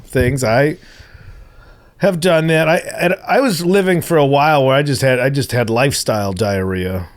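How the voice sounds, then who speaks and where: A man with a mid-pitched voice co-hosts a casual comedy podcast. He teases his partner with dry, offhand jokes in easy conversation. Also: moderate pace. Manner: dry, teasing banter.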